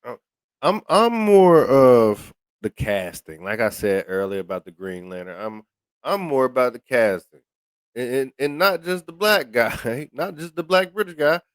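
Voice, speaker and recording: Speaking at a measured pace, a male podcast host gives relaxed commentary in a dry, clean studio recording. He stumbles into frequent restarts and repeated words, his pitch rising and falling with lively energy.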